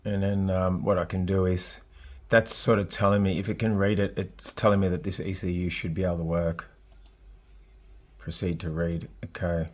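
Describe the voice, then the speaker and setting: A man's voice: deep voice, flat delivery, normal speed, dry recording. A man with an Australian accent talking casually while he tunes a car, blunt and rambling, swearing freely. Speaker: car tuner vlogger. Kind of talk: casual vlog talk while working on a car.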